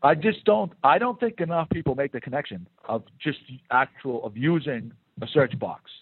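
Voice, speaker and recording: Husky-voiced man on a tinny podcast line. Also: medium pitch, expressive, normal speed, no echo. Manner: rambling with many restarts and repeats. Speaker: podcast co-host. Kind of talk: casual podcast chat.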